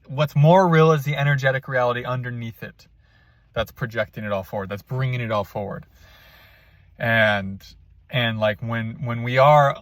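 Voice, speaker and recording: A man's voice: medium pitch, fairly bright tone, no echo. A young man giving a candid, rambling spiritual monologue from a parked car, full of fillers, restarts and self-conscious asides. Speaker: spiritual coach. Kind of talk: casual spiritual vlog monologue.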